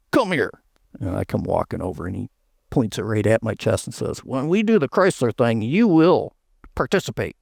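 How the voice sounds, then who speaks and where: Older male guest, gravelly storyteller, dry close recording. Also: fairly low pitch, mellow, no room sound. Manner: rambling anecdotes with restarts and laughs. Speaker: guest, retired chief engineer. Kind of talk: storytelling interview.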